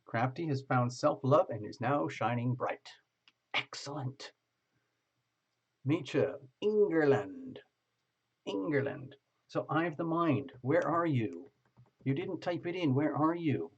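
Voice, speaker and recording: A man's voice: a little high, animated, measured pace, breathy edge, muffled recording. A man hosting a live tarot stream, reading viewer comments aloud and joking as he greets people by name.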